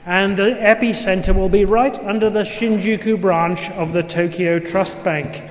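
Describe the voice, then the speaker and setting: A man voicing a giant, imposing male frog who speaks slowly, formally and courteously, in a room with a long echo. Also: high voice, fairly even intonation, close to an everyday voice. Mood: grave. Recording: roomy with long reverb, faint noise.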